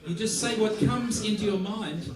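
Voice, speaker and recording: A man teaches a music masterclass, playful and lively, acting out small scenes to make his point. His voice is picked up from a distance in a large, echoey theater hall. The audience is heard around him. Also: high-pitched, normal speed, a crowd in the background. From Australia. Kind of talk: masterclass talk. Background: audience laughter.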